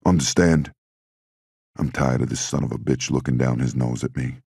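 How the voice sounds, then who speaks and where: A man voicing an older male crime boss who is furious and erupts into shouting. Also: a bass voice, normal speed, gravelly, slightly rough, no echo, clean studio sound, heavily acted. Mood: bitter, threatening. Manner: explosive, shouting in bursts.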